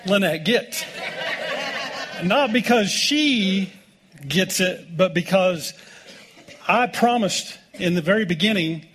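A man's voice: sits high, animated, takes it slowly, pauses often, background noise. A middle-aged American man preaching a sermon as pastor, telling folksy stories with jokes. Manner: folksy, joking storytelling with laughs.

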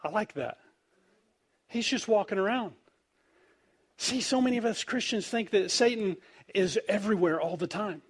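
A man's voice: high-pitched, moderate pace, pauses often, breathy edge. A man preaching a humorous sermon, acting out the voices in the story as he goes, his volume rising and falling widely. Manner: animated storytelling, acts out quoted voices, wide swings in loudness.

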